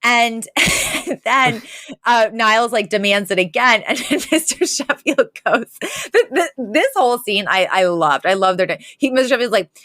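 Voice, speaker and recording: A woman's voice: fairly high pitch, expressive, measured pace, pushed and bright, no echo, clean studio sound. A woman co-hosting a podcast, chatting casually and laughing often as she recaps a sitcom episode. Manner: chatty, laughs often, many fillers and restarts. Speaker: podcast co-host.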